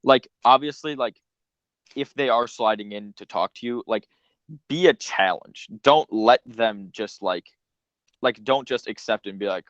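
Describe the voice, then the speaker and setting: Low-voiced man on dull lo-fi audio. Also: a little slow, a bit bright, dry recording. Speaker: podcast co-host. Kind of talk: casual chat.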